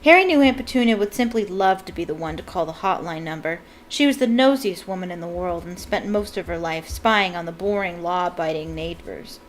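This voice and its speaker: A woman's voice: on the low side, expressive, brisk, hardly any pauses, a little hiss or hum, rough recording. A woman reading a novel aloud and breaking off for chatty asides of her own. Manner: chatty asides between narrated passages. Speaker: book reader.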